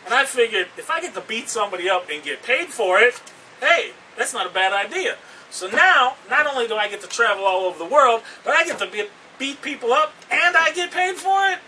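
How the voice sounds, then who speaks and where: A boastful man delivers a wrestling promo interview with a high, piercing, tense voice. He trash-talks with swagger. The mic sits some way off, with a faint hiss behind him. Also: very animated, a little fast, bright, forceful tone. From Canada. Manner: cocky, boastful, trash-talking. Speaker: pro wrestler. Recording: distant mic with background noise.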